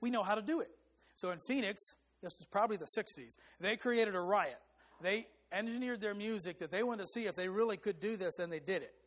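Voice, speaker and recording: A man with a fairly high voice delivers a sermon. He speaks emphatically and now and then sings short hymn phrases to demonstrate a rhythm. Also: a little fast. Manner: emphatic, rising for stress. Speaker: preacher.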